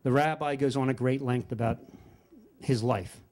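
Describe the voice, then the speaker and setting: An older man with a mid-range voice tells a personal story live at a story slam at a normal pace. He's animated, shifting his voice to act out the quoted words of friends and people around him.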